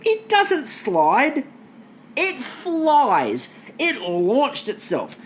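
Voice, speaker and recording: A woman co-hosting a podcast, chatting casually and telling animated stories full of acted-out quotes. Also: high-pitched, extremely slow, a little hiss or hum. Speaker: podcast co-host. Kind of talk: casual chat.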